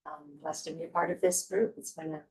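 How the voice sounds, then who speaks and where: A woman's voice: low voice, flat delivery, brisk, darkish tone, slightly rough, rough recording. A woman who coordinates a municipal committee, introducing herself in an upbeat way.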